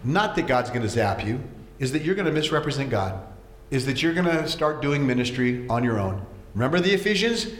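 A man's voice: mid-range voice, big pitch swings, brisk. A man preaching a sermon, telling stories with animation and acting out voices, often repeating words as he goes. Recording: echoey hall.

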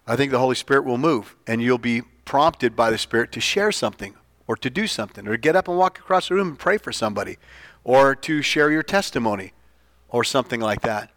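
A man preaching an informal sermon, telling stories, his voice leaping up when he gets excited and falling soft and low for earnest points. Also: a little fast, no room sound. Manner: animated, jumps up in pitch for quoted lines. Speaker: pastor.

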